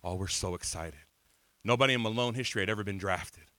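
A man in his thirties preaching an energetic sermon, telling his own story, calling on the crowd and swinging from soft to shouted lines. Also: fairly low pitch, fast talker, no echo. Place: church hall before a congregation.

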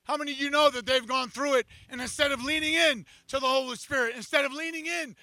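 A male pastor delivers an impassioned sermon at an outdoor beach service. His voice sits unusually high and bright, and his intensity climbs until he shouts at the peaks. The sound is dry and close to the mic. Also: fairly even intonation, fast talker, dry recording.

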